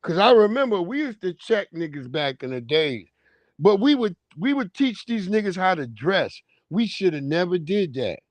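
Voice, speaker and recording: A man's voice: sits high, big pitch swings, moderate pace, dry recording. A man hosting a live stream, giving loose, profane, slangy commentary on video clips.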